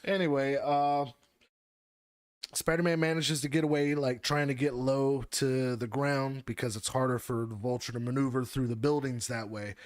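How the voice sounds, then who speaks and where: A man's voice: medium pitch, moderate pace, clear, resonant tone, dry recording. Dry-sounding man recapping comics. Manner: profanity-laced, animated storytelling. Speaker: podcast co-host. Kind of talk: casual comic book recap.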